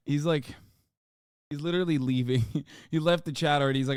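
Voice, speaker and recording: A man in his thirties streaming live, reacting to posts with profane, mocking commentary that swings from loud outrage to mumbled asides. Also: a little high, fairly even intonation, normal speed, long pauses, clean tone, no room sound, studio quality.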